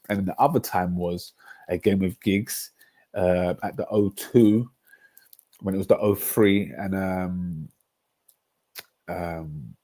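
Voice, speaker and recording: A man's voice: low-pitched, takes it slowly, pauses often. A young man, chatting casually and rambling through stories on a livestream, full of slang. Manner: rambling, animated storytelling with slang. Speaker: livestream host.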